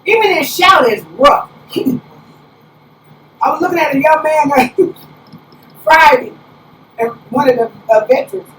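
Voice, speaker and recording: Woman apostle, slow, high voice; distant mic in an echoey room. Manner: animated storytelling, preacherly exclamations. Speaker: apostle preaching. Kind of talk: conversational sermon. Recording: roomy, distant, faint background hiss.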